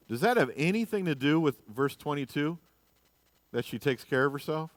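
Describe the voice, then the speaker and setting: Joking, chatty pastor, dry sound. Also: male voice, on the high side, expressive, normal speed, no room sound. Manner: chatty, joking, swings from quiet asides to loud bursts. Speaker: pastor teaching a class. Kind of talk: casual Bible teaching. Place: church.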